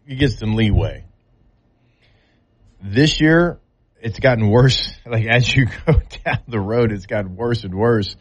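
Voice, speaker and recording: A man co-hosting a casual sports talk show in a loose, drawling way. His grammar is relaxed and everyday. The audio is a little dull and lo-fi, and his pitch sits mid-range.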